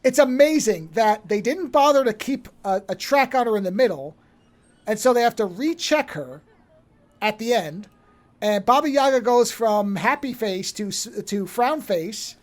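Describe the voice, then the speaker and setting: A man co-hosts a casual podcast, walking through a horror film's plot. He talks in an animated, rambling way, often restarting his sentences. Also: very high voice, moderate pace. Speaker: podcast co-host. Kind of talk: casual film-discussion chat.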